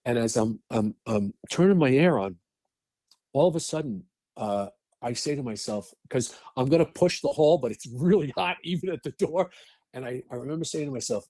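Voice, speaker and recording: In a dry recording, a middle-aged man from New York, who works as an actor and firefighter, is interviewed casually on a podcast. His mid-range, mellow voice is expressive and moderately paced as he tells blunt stories, restarting often and swearing.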